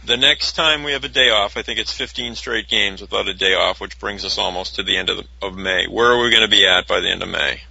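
A man co-hosts a casual sports podcast in a dry way, tossing out questions and predictions. His voice is gravelly and bright with a husky edge. The dry, close audio sounds dull and lo-fi. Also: lowish voice, quick pace, few pauses, no room sound. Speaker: podcast co-host.

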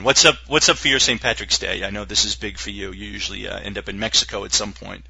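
A bright, husky rambling podcast host. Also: male voice, fairly low pitch, steady tone, fast, hardly any pauses, no room sound, low-quality recording. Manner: rambling, joking, many fillers and restarts. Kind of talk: casual sports podcast banter.

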